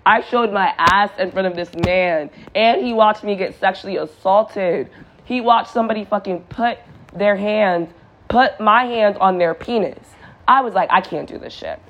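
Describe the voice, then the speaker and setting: A woman's voice: mid-range voice, measured pace, fairly bright tone, dull audio. A young adult woman vlogger telling a story in a blunt, profane, dramatic way. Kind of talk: casual storytime.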